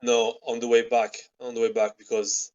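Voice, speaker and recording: A man's voice: mid-range voice, level tone, normal speed, highs cut off, a crowd in the background. A man playing a tabletop game, explaining his plan hesitantly. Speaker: player. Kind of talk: casual tabletop play.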